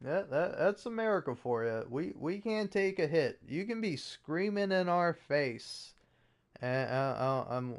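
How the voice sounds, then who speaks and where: A man's voice: fairly high pitch, lively intonation, measured pace. A man hosting a podcast, ranting in a casual, comedic way with rambling, profane, exasperated talk. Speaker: podcast host.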